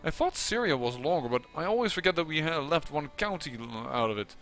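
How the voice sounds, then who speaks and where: A man's voice: a little high, expressive, fairly quick, music in the background. A man giving casual, musing commentary on a strategy game, with occasional exasperated outbursts. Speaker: let's play commentator.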